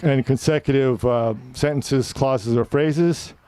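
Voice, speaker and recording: Smooth mellow man teaching a lesson. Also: medium pitch, takes it slowly, no room sound. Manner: instructive, defining terms and quoting examples. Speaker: public speaking teacher. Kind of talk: online lecture with quiz.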